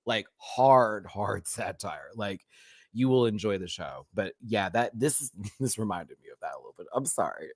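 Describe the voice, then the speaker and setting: A man with a Southern American accent talks through a reality TV episode in a loose, chatty way. His pitch leaps and dips as he laughs along. The sound is close and dry. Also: moderate pace, husky, no echo. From Southern United States. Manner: animated, chatty, laughs often. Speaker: reality TV reviewer. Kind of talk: casual review commentary.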